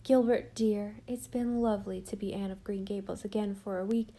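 A gentle, affectionate young mother, read by a woman storyteller, speaking softly with a light lift of feeling. The tone stays mellow and warm. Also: medium pitch, fairly even intonation, moderate pace, natural voice. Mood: tender.

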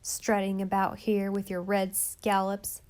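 A woman reading aloud, voicing a spiteful, grinning girl who mocks loudly. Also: mid-range voice, completely flat delivery, a little slow, close to an everyday voice. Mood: mocking. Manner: loud, mocking.

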